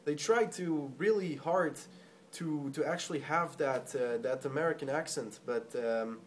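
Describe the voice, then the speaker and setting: A man's voice: fairly high pitch, unhurried, a little hiss or hum, natural voice. A man doing a hesitant Dutch guy. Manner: hesitant, many fillers.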